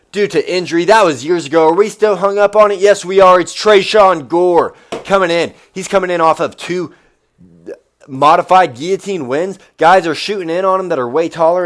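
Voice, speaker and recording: Energetic rambling man previewing fights. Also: a little high. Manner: energetic, rambling, swears casually. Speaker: podcast host. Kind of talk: casual fight preview commentary.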